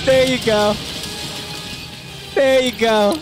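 A man streaming a video game live, shouting excited curses and taunts at the enemies. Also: high voice, takes it slowly, rough recording. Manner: loud excited cursing and taunting. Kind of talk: live gameplay commentary. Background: game music.

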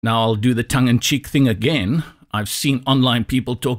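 South African man, native Afrikaans speaker, tutorial instructor, dry and a little sarcastic, patient step-by-step delivery, mid-pitched voice. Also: moderate pace. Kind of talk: screen-recorded software tutorial.

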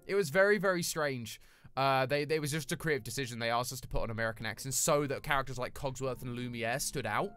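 A man's voice: mid-range voice, fast talker, fairly bright tone, clear, resonant tone, faint music behind. A young British man chatting casually with his live chat as a streamer, rambling and friendly in a small home room. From Britain.

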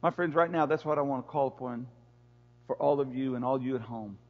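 A man's voice: mid-range voice, brisk. A man preaching a sermon as pastor in a church, pleading with his listeners in an impassioned, repetitive way. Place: church sanctuary. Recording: echoey church hall, dull lo-fi sound.

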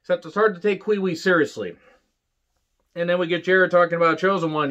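A man giving a casual solo review of an old wrestling show. He talks bluntly and swears a lot, and he slips into quick mocking impressions of the people he describes. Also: high-pitched, steady tone, fairly bright tone, highs cut off.

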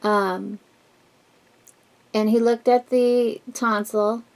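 Gravelly-voiced woman chatting while getting ready. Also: on the high side, steady tone, drawn-out words. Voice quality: husky, smoky voice. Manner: rambling and candid, many fillers and restarts; talks while doing her makeup. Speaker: beauty vlogger. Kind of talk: casual get-ready-with-me chat.

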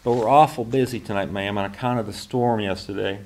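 Man reading as a twangy, raspy Southern operator woman. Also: steady tone, brisk, a little mellow, close to an everyday voice. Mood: brisk. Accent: American Southern. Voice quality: high twangy raspy smoker's voice.

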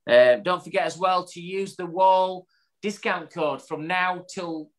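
A high-pitched, unhurried man co-hosts a podcast in casual chat. He's chatty and upbeat as he wraps up the episode with a summary.

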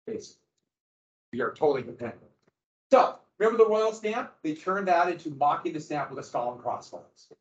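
A man teaching a history class, lecturing in an animated way and quizzing his students as he goes. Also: fairly high pitch, brisk. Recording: echoey room, dull lo-fi sound.

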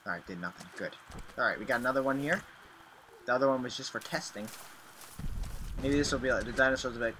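A young man commentating as he plays a horror game, excitable, with sudden yelps and shouts. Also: medium pitch, fairly quick, pauses often, slight background noise. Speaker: gaming video host. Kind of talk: let's play commentary.

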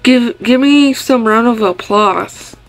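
A young woman giving casual commentary on her game, chatty and quick to get startled, talking to her viewers. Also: fairly high pitch, soft background music. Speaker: gaming vlogger.

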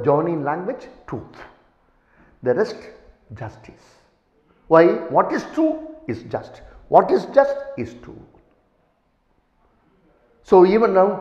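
A man's voice: sits high, a little mellow. A man with an Indian English accent giving a retreat sermon, emphatic and repetitive, often asking himself rhetorical questions. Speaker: retreat preacher. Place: retreat hall. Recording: echoey hall, dull lo-fi sound.

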